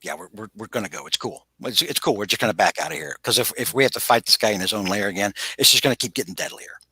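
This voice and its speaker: A brusque, gruff male superhero, as a man puts him on, muttering low and quick in a hushed voice. The sound is bright and dry, close to the mic. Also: lively intonation, dry recording, exaggerated voice. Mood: hurried. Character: gruff adult male superhero, hurried and dismissive.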